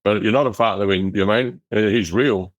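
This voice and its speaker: A middle-aged Australian man telling his life story in an interview, in a rough, blunt, animated way, acting out the voices of people he quotes. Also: on the low side, quick pace, no echo. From Western Australia. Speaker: interview guest. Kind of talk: casual storytelling.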